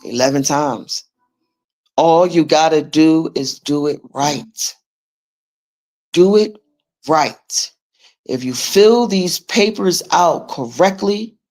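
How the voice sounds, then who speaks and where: Woman going off on a livestream, swears a lot, blunt and preachy, super emphatic. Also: deep voice. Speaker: livestream host teaching finance paperwork. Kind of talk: casual livestream rant.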